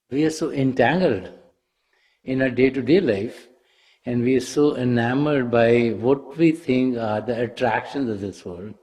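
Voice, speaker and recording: A man giving a spiritual talk, telling a parable in a loose, conversational way. His voice is mellow and soft-edged, with a husky grain. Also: medium pitch. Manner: conversational storytelling, many "you know"s. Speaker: spiritual teacher.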